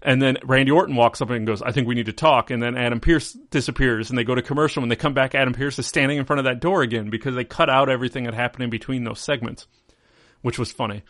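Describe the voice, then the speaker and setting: A man's voice: medium pitch, fairly even intonation, fast, fairly bright tone, no room sound, studio quality. A man hosting a casual wrestling podcast, rambling through a recap and acting out quotes in mocking voices. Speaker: podcast host.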